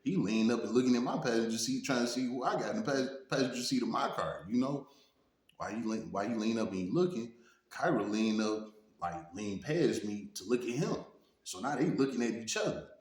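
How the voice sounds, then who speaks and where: A man with a Detroit accent telling a street story in a relaxed, casual way, often asking "you know what I'm saying". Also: medium pitch, brisk. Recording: roomy echo.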